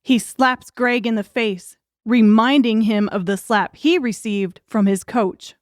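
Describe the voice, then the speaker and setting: A woman's voice: on the high side, a little slow, no room sound. A woman narrating an audiobook in a wry, crude comic storytelling manner.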